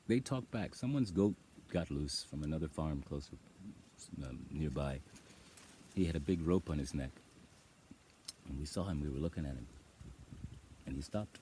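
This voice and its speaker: Low-voiced man rambling outdoors on a farm. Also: moderate pace, long pauses, mellow, slight background noise. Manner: rambling, laughing, acts out voices. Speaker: vlogger. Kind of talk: casual talk to camera.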